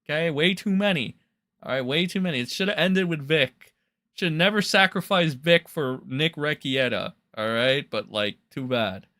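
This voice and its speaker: A man's voice: fairly high pitch, expressive, moderate pace, bright, forceful tone, dry recording, studio quality. A man hosting a livestream, mocking and ranting with constant swearing and lots of "like" and "all right". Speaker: livestream commentary host. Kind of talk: profane reaction commentary.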